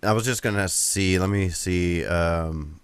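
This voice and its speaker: A man playing a tabletop game, joking and swearing as he asks quick questions. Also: low-pitched, smooth, no room sound. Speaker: player. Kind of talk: casual tabletop game chat.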